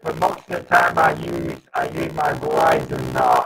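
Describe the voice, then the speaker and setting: Very deep gravelly-voiced man streaming. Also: huge pitch swings, normal speed, far from the mic. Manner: flustered, restarts while fixing audio trouble. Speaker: livestream host. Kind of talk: casual livestream chat. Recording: noisy livestream audio with hiss.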